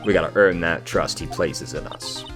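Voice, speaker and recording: A man voicing a loyal, gruff police detective in an earnest, folksy way, over game music. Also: low-pitched, normal speed, lightly acted. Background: video game music.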